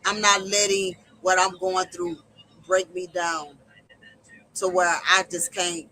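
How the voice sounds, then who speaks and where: A woman's voice: lowish voice, level tone, slow pace, bright, forceful tone, poor audio. A woman speaks straight to her stream audience in an emotional, sermon-like testimony, her voice tense and cutting. Her delivery is heartfelt and preacherly. A faint hiss of noise sits behind her. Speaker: livestream host. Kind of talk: personal testimony livestream.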